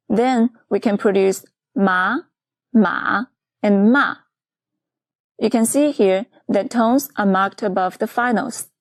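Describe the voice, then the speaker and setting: A woman teacher in a scripted lesson, explaining clearly and patiently, step by step. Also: mid-range voice, dry recording, clean studio sound. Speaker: Chinese teacher.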